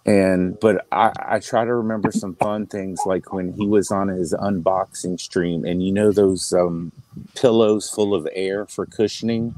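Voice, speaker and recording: Guy with a lowish voice, emotional and halting, keeps restarting, dry sound. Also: steady tone, darkish tone, no room sound, rough recording. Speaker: panelist. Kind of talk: heartfelt tribute in a casual online panel chat.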